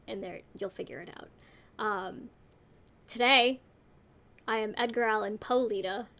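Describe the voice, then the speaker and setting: High-voiced woman telling stories rambly. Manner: rambling, self-deprecating, animated. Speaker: panel co-host. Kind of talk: casual storytelling panel.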